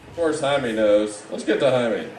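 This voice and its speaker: A man delivering a live comedy roast set in a mocking, rambling way, with sudden loud outbursts. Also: mid-range voice, lively intonation, a little slow, noisy background. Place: live event room. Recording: echoey room, distant mic, audible background.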